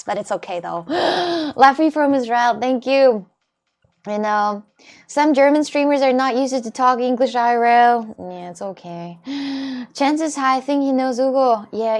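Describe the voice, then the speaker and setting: A woman livestreaming in casual chat, rambling as she reads her chat aloud and thanks her viewers. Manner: animated when retelling a story, with high exclamations.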